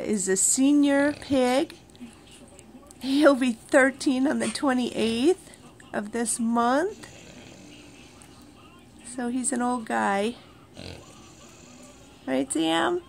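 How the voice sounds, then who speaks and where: A woman at home in the morning, talking unhurriedly to her pets and her viewers, cooing to the animals in a soft, doting voice. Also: fairly high pitch, slow, creaky, long pauses, slight background noise. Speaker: pet owner vlogger. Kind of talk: casual talk to pets and viewers. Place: at home indoors, early morning.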